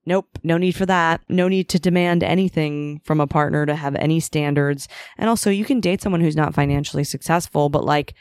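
A woman's voice: deep voice, brisk, few pauses, a little mellow, smooth, no echo, studio quality. A woman hosting a solo podcast, telling a frank, profane, self-deprecating story about her relationships, sometimes acting out what she used to think. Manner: acts out her own past inner voice in quotes. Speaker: podcast host. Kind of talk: solo confessional monologue.

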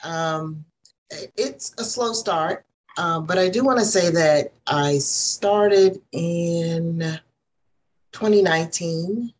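A woman's voice: fairly low pitch, slow pace. A woman guest on a podcast, telling her experience in a rambling, hesitant way with many fillers. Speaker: guest, former program member. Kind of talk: casual chat. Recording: faint background noise.

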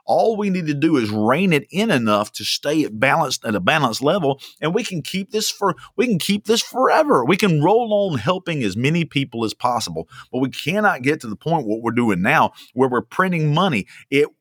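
A man's voice: a little high, very animated, moderate pace, hardly any pauses, fairly bright tone, husky, no echo, clean studio sound. A young man preaching a sermon as a pastor, emphatic and fond of repeating lines for stress. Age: young adult.

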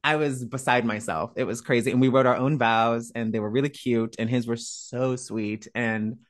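A woman being interviewed, telling a story in a lively, profane way and acting out other people's lines. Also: extremely low pitch, normal speed. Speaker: interview guest. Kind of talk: casual storytelling chat.

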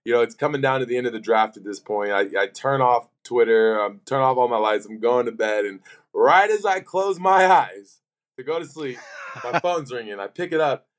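A young man guesting on a podcast, a football player with an ordinary middle-range voice. He tells his stories in a loose, animated way, full of fillers and restarts, and he gets caught up in the retelling. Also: mid-range voice, normal speed. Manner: animated, filler-heavy anecdote telling. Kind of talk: casual storytelling.

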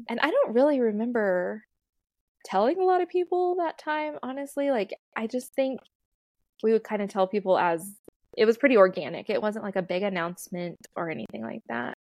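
A woman's voice: mid-range voice, darkish tone, no room sound, clean studio sound. Chatty woman telling her birth story. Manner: chatty, laughs often, many fillers. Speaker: podcast guest, birth doula. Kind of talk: casual storytelling interview.

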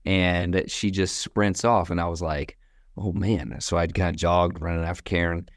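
A young adult man, a company founder, telling stories in a casual interview with a relaxed, chatty manner, tossing in "man" and "bro" and laughing between stories. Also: deep voice, moderate pace, no room sound, clean studio sound.

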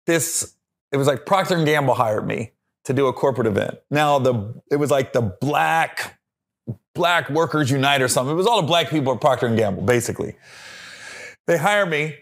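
A man's voice: mid-range voice, fairly quick, gravelly. A comedian telling stories in casual podcast chat, acting out voices and laughing as he goes. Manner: animated storyteller, acts out voices and laughs. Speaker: comedian guest.

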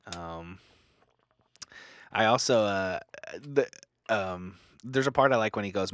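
A man's voice: on the low side, lively intonation, slow, long pauses, a bit bright, no echo, clean studio sound. A young man in casual book talk, rambling with many fillers and restarts. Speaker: book discussion co-host.

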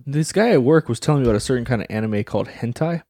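Deadpan teasing man. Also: medium pitch, racing, no room sound, studio quality. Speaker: podcast co-host. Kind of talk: casual chat.

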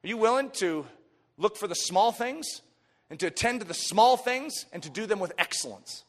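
A man preaching a sermon with emphatic swings from soft to shouted lines, reading scripture in old-fashioned wording. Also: high-pitched, expressive, normal speed. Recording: long hall reverb.

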